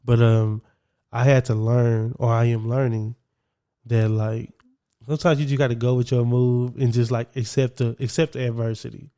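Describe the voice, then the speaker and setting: A young man co-hosting a casual podcast chat, animated and quick to laugh. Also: mid-range voice. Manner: animated, laughs often, drops into his own self-talk. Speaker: podcast co-host.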